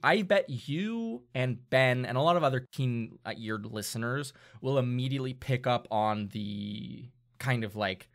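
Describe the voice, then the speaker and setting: A man's voice: mid-range voice, a bit bright. A man co-hosting a casual podcast chat as game master, rambling with lots of fillers, upbeat.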